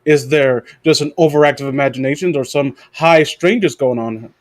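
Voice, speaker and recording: A man's voice: a little high, no room sound. Joking podcast host man, dry sound. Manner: reads aloud haltingly, joking. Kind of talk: casual podcast chat.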